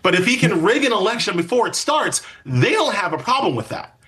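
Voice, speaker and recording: Bright-voiced high man, emphatic guest. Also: very animated. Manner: fast, emphatic, many fillers and restarts. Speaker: legal commentator guest. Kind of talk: political interview.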